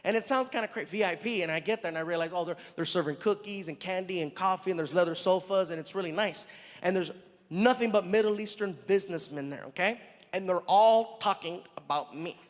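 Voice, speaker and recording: A man doing stand-up, telling a story in a lively, conversational way and acting out the scenes. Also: high voice, a little fast. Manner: animated, conversational, acts out scenes. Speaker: stand-up comedian. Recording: live stand-up in a hall with reverb.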